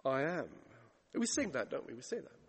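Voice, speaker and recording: A man's voice: medium pitch, very animated, fast, gravelly, slightly rough. A man preaching a sermon, retelling scripture dramatically and acting out the voices he quotes. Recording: long hall reverb.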